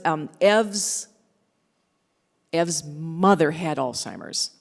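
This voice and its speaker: A woman radio host talks candidly to a live audience, poking fun at herself and bursting into others' lines as she retells them. Her voice sits a little low. A long hall reverb trails every word. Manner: candid, self-deprecating, quoting others in lively bursts. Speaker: radio host and author speaking at a forum. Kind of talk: storytelling talk with audience Q&A.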